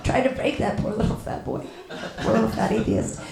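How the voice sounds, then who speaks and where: High-voiced woman doing stand-up. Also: fairly quick, gravelly, echoey room, a crowd in the background. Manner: deadpan, with sudden loud outbursts. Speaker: stand-up comedian. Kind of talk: stand-up comedy set.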